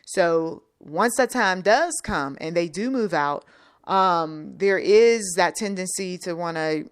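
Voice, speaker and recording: A middle-aged woman talks straight to parents in a plainspoken, blunt way and keeps checking in with quick questions. Her voice sits a little low for a woman. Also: clean tone. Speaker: channel host giving advice. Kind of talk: unscripted faith-based advice talk.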